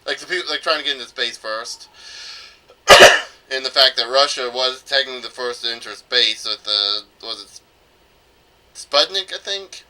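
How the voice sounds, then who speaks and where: Man from North Carolina, let's play host, rambling casual commentary, very bright sharp tone. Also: medium pitch, moderate pace, long pauses, rough recording. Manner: rambling, thinking aloud with filler and self-corrections.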